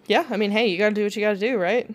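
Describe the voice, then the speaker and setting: A woman co-hosting a casual podcast, playful, chiming in with quick short replies. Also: medium pitch, steady tone. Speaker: podcast co-host. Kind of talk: casual chat.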